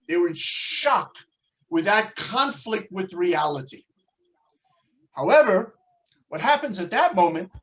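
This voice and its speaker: A man teaching a Torah class, telling a religious story in an animated way and shifting his voice for the quotes. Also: high-pitched, poor audio. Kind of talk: religious lesson with dramatic storytelling.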